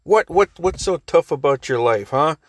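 A man voicing his gruff, profane grandfather figure, yelling loud exasperated rants at a baby. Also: mid-range voice, measured pace, dry recording, clean studio sound. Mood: ranting.

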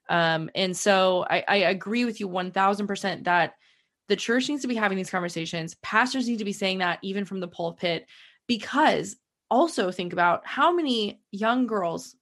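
A woman's voice: mid-range voice, fairly bright tone. A woman hosting a podcast, talking earnestly in casual conversation and reading a sponsor spot. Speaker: podcast host.

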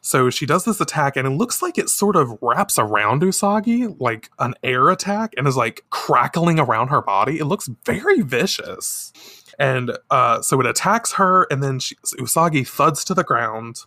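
A man co-hosting a casual chat, reading manga panels aloud with animated delivery, laughing often and swearing casually. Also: medium pitch, normal speed, no echo, clean studio sound. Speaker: podcast co-host reading a manga.

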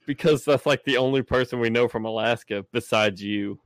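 A man with a Southern US drawl chats loosely and profanely, his laughter never far off. His voice sits at an ordinary middle pitch. It is recorded dry and close, with no room sound. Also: fairly even intonation, fairly quick, a bit bright, no echo. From Southern United States. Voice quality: profane, blunt, laughs often. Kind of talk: casual chat.

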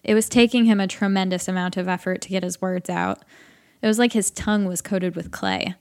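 Deadpan woman audiobook narrator. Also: on the low side, fairly quick. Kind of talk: audiobook narration of a comic short story.

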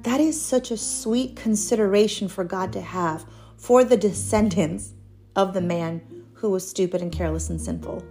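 A woman's voice: medium pitch, normal speed. A young woman giving a casual, earnest devotional Bible teaching, chatty with light laughs between points. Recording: soft guitar music behind.

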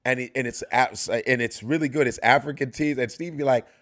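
A man's voice: medium pitch, fairly quick. A man telling stories in a casual interview, laughing often and jumping into impressions of other voices. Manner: animated storyteller slipping into celebrity impressions, laughing often. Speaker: comedian guest.

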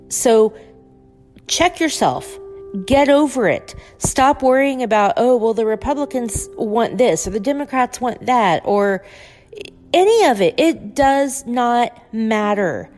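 A woman's voice: medium pitch, darkish tone. A woman hosting a solo podcast, ranting and pleading with listeners in an impassioned, swearing manner. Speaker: podcast host. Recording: long reverb with faint music behind.

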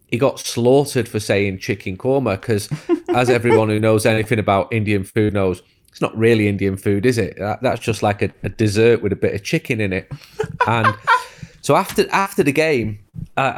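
A man who works as a football reporter, telling a story on a podcast with frequent laughs. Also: fairly low pitch. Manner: laughing, anecdotal.

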